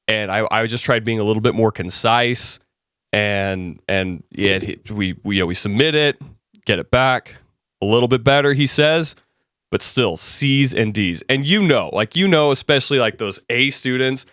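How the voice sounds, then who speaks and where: A man's voice: mid-range voice, moderate pace, fairly bright tone, no room sound. Male instructor, casual lecture, chatty storyteller, resonant and dry close sound. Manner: storytelling, conversational, many fillers and restarts. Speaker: business presenting instructor. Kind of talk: casual classroom lecture with anecdotes.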